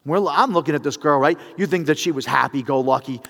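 A middle-aged man preaching in a church hall with a long reverb trailing his words. His voice sits at an ordinary male pitch. He tells stories animatedly and then makes earnest appeals to the congregation. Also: fairly quick, gravelly. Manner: animated, acts out phone voices, builds to appeals. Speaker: pastor. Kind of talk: sermon with storytelling. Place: church sanctuary.

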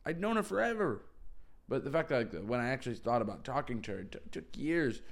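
A man's voice: medium pitch, very animated, fast, creaky. A young man telling a personal story to camera in a casual, rambling way, full of "like". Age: young adult. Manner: rambling, heavy use of "like". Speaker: vlogger.

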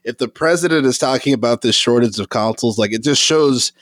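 A man hosting a gaming podcast, reading a news story aloud with many pauses and fillers, then chatting casually. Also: mid-range voice, fairly bright tone, no room sound. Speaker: podcast host.

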